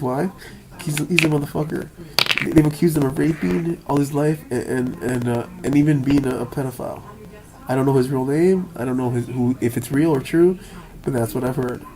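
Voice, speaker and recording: A man's voice: mid-range voice, very noisy. A man telling a rambling, profane story, stammering and repeating words as he goes and often laughing. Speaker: vlogger. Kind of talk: rambling monologue.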